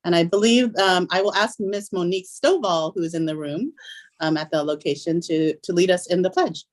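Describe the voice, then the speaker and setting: A woman's voice: fairly low pitch, normal speed. A woman presiding as school board president, reading procedural items with frequent ums. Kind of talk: chairing a public meeting.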